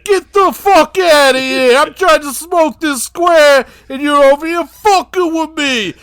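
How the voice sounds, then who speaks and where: A man's voice: extremely high pitch, measured pace, a bit bright, dry recording, clean studio sound, pitched above the performer's own voice, full character voice. A man doing an impression of a brash, dismissive male stand-up comic. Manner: swaggering, dismissive.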